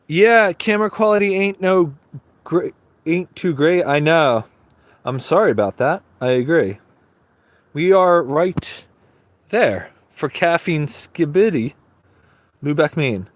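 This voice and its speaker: A man giving a casual, chatty livestream tour outdoors in a small seaside village, talking into a handheld phone. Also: on the high side. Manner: unhurried, chatty, trailing off between phrases. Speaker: live-streaming travel vlogger.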